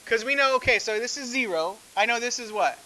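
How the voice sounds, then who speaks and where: A man's voice: very high-pitched, animated, a little fast, sharp tone, rough recording. A man teaching a math class, talking conversationally and asking the class frequent questions. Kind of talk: classroom lecture.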